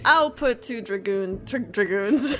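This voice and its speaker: A woman's voice: high voice, big pitch swings, unhurried, heavy background noise. A woman voicing a female adventurer in a tabletop game, drawling each word in a swooping sing-song. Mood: playful.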